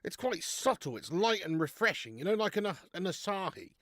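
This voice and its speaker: A chatty young man on a live stream, his voice rising and falling a lot as he banters with viewers. His voice sits a little high for a man, and the sound is dry and close, with no room echo. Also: big pitch swings, normal speed, a bit bright. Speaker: live-stream beer reviewer. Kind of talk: casual live-stream chat.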